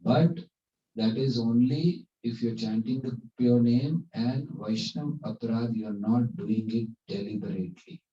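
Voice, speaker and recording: Brief: male spiritual teacher, mellow, conversational, echoey hall, distant dull mic. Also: medium pitch, unhurried. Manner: conversational, fillers, story-telling. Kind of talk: devotional class talk with storytelling.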